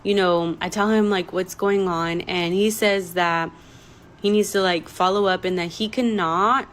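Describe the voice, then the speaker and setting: A woman's voice: lowish voice, steady tone, a little slow, a bit bright, low-quality recording. A young woman telling a personal story in a casual vlog, emotional and rambling, with many "like" fillers. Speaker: storytime vlogger.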